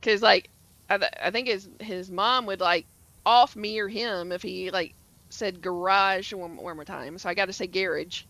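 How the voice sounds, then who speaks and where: Woman, Georgia Southern accent, game streamer, rambling casual chat, crisp bright tone. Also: mid-range voice, moderate pace. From Atlanta area, Georgia, US. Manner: rambling, chatty, many fillers and restarts.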